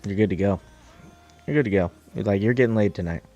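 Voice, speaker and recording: A man's voice: on the low side, fast talker, mellow, lo-fi sound, faint music behind. Profane, rambling American man. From United States. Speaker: streamer. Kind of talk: casual chat while gaming.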